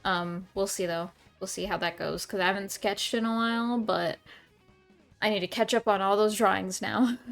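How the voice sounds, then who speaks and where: A woman's voice: mid-range voice, fairly even intonation, moderate pace, creaky, soft background music. A woman streamer chatting casually with her viewers at home, rambling with lots of ums and restarts. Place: home room.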